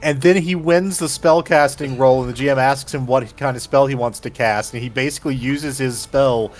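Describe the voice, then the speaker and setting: A man's voice: mid-range voice, normal speed. A man co-hosting a livestream, eagerly retelling a memorable scene in casual chat. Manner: animated storyteller, recounts scenes with acted quotes. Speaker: livestream co-host.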